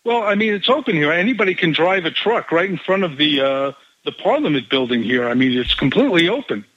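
Male radio caller on a lo-fi phone line, measured, with a bright tone. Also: fairly high pitch, lively intonation, no room sound. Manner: measured, points delivered one by one. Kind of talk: call-in radio talk.

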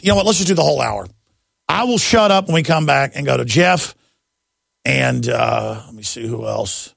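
A middle-aged man hosting a talk radio show, with a raspy, blown-out voice, talking in a wound-up, jabbering way. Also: medium pitch, no echo, clean studio sound. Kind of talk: fast rambling talk radio monologue.

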